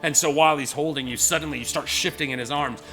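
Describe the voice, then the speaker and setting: A man with a fairly high voice narrates fast as game master while soft music plays. He acts out the scene with energy, rambling along on a stream of "like" and "you know."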